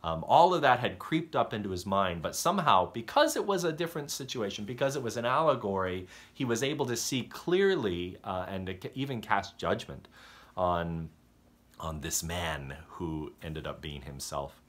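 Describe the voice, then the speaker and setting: A male pastor with a low voice delivers an unpolished, conversational sermon. He hesitates and restarts often, then breaks into lively acted-out character lines while retelling stories. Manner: halting, self-correcting delivery that acts out story characters.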